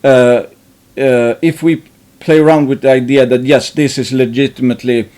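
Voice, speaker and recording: Guy thinking out loud about risky stock bets, rambly, lots of restarts, swears a bit. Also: mid-range voice, fairly even intonation, moderate pace. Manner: rambling, many restarts and fillers, casual swearing. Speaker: investing channel host. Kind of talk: thinking aloud about investing.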